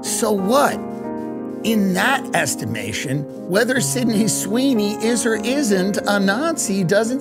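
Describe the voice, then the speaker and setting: A man's voice: high voice, sing-song, slow pace, over loud music. A man hosting a comedy podcast, delivering a rambling, absurd and profane monologue.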